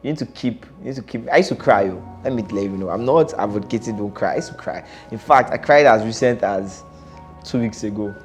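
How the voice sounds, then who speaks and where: A man's voice: fairly low pitch, brisk. Guy reacting to a video, blunt and laughy, keeps repeating himself, bit of music behind.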